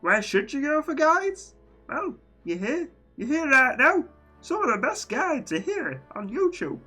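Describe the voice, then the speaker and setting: A streamer putting on the high, squeaky, stammering voice of a whiny, flustered video maker. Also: big pitch swings, measured pace, sharp tone, faint music behind, heavily acted.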